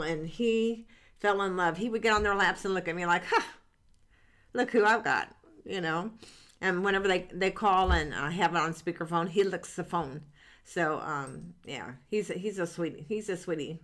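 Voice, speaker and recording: Middle-aged lady rambling on her live stream, earnest and upbeat, lots of ums, lowish voice. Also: fairly bright tone. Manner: rambling, with many fillers and restarts. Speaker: psychic reader hosting a live stream. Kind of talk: casual live-stream chat.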